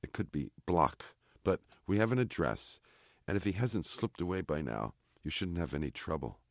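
A man reading aloud, voicing a chatty, bossy army sergeant in an offhand, brisk manner. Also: deep voice, expressive, no room sound, clean studio sound. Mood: explaining. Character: gruff chatty male army sergeant, blunt.

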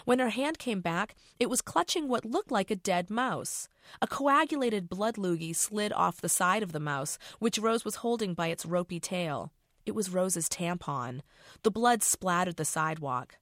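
A woman's voice: mid-range voice, animated, normal speed, a bit bright, dry recording, studio quality. A middle-aged woman author reading her novel aloud in a casual, profane first-person voice.

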